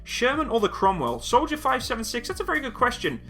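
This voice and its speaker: A man's voice: very high-pitched, wildly swooping pitch, quick pace, bright, forceful tone, faint music behind. A man hosting a live-stream Q&A. He reads viewers' chat questions aloud and answers each in a casual, joking, self-mocking way. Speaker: military video channel host.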